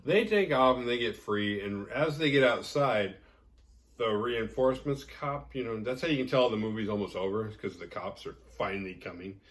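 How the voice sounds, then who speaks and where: A man with a fairly low, slightly bright voice speaks at normal speed, sitting far from the mic. Hosting a horror movie podcast, he recaps a film's plot casually and ramblingly, packed with "like," swearing and jokes.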